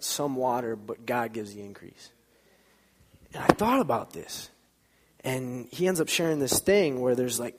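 A man talks to a church audience in a relaxed, chatty way. He tells everyday stories and acts out the back-and-forth himself, sometimes laughing. His mid-range voice carries a long reverb from the hall. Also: mid-range voice. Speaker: church speaker. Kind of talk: informal sermon with storytelling.

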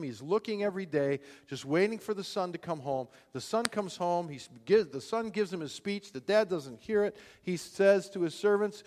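A pastor preaches in a slightly raised voice, telling the story in everyday words and voicing each character. His voice rings on in a large reverberant hall. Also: sits high. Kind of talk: sermon.

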